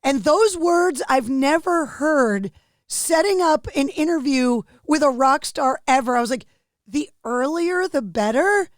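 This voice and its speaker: A woman hosts a podcast interview, friendly and quick to laugh. Her voice sits a little high. The recording is dry and close, with no room echo. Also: animated. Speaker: podcast host.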